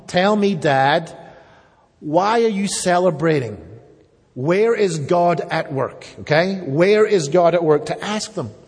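Heard through the long reverb of a church hall, a pastor delivers an earnest, emphatic sermon, now and then turning to talk directly to the children. The man's voice is high, a little mellow and slightly rough.

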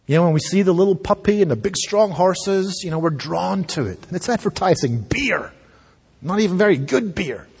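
A man preaching a sermon-style Bible lesson in a casual, animated way, full of asides to his listeners. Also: fairly high pitch, slightly rough, in a large hall. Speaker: pastor teaching a school discipleship class.

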